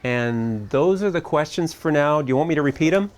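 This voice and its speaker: A man's voice: a little high, lively intonation, fairly quick. A middle-aged man speaking at a family camp, giving a reflective talk in a conversational way. He asks his listeners searching questions and adds light humor.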